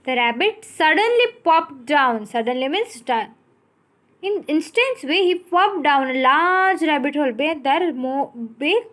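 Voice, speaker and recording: Speaking with lively intonation and a fairly bright tone, a high-voiced woman with an Indian English accent teaches a recorded English lesson. She explains words slowly and spells them out letter by letter.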